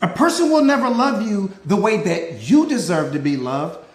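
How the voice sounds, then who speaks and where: A man, a mindset coach, giving a live motivational talk with preachy repetition and rapid rhetorical questions, greeting viewers by name. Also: sits high, big pitch swings, echoey room.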